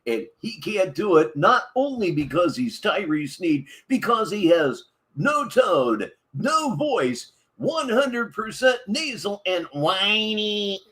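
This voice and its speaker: A man's voice: high-pitched, sing-song, slow, few pauses, fairly bright tone. A man hosting live commentary over a stream, making sarcastic, insulting remarks. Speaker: commentary host.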